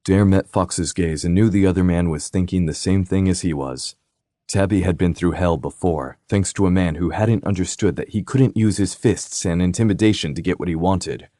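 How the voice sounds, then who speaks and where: A man narrating a romantic suspense audiobook in a steady, even reading. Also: low-pitched, no echo, clean studio sound. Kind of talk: scripted narration.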